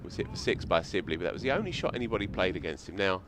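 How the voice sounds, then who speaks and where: A man's voice: low voice, lively intonation, rapid-fire, fairly bright tone, slight background noise. A man commentating on cricket, telling reflective anecdotes.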